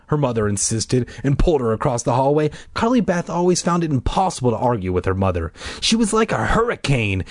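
A man reading a story aloud in a lively way, breaking off for irreverent, swearing jokes. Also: medium pitch, brisk, no echo, studio quality. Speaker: reader. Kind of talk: comedic book reading with asides.

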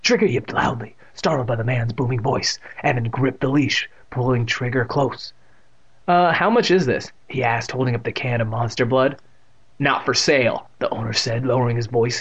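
A man's voice: medium pitch, little pitch movement, fairly quick, few pauses, husky. A man reading a children's book aloud and tossing in joking asides. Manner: adds joking asides to the text. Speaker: reader. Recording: muffled lo-fi recording.

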